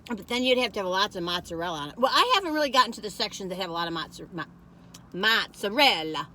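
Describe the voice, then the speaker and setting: A woman's voice: medium pitch, expressive, fast talker, sharp tone, slight background noise. An older woman, rambling in a folksy, chatty way as she reviews food on a phone camera in a parked car.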